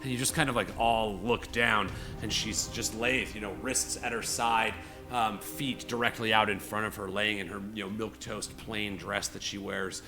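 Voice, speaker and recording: A man narrating a tabletop game as game master, animated and rambling, with many fillers. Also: lowish voice, normal speed, over music.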